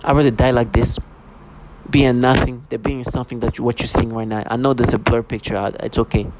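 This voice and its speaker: A man's voice: medium pitch, flat delivery, brisk. A man speaking in an emotional, repetitive rant, recorded outdoors on a city street. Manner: emotional, repetitive, mocks others in put-on voices. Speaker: vlogger. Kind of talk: agitated personal rant. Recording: faint street noise, vehicles.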